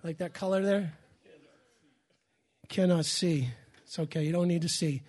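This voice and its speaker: A man preaching a sermon as pastor, fiery and emphatic, shouting and repeating his phrases in a church. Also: on the high side, steady tone, unhurried.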